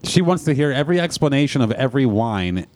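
A man in his thirties telling a story in casual podcast chat, animated and swearing freely. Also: medium pitch, fast, no echo. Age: 30s. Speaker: podcast host.

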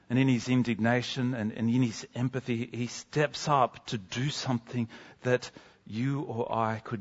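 A man preaching a sermon in an earnest, emphatic way, dropping to soft, slow lines for drama. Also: mid-range voice, dull audio.

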